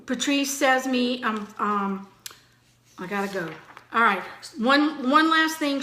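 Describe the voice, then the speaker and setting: A woman giving a chatty, energetic motivational training talk to her team, full of fillers. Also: sits high, echoey room.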